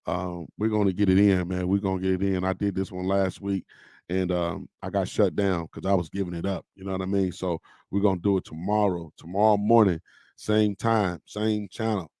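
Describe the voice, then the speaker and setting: A man's voice: low voice, little pitch movement, normal speed, dark tone, dry recording, clean studio sound. A man hosting a casual livestream, chatting loosely with his viewers and peppering his talk with "man" and "y'all". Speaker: podcast host on a livestream.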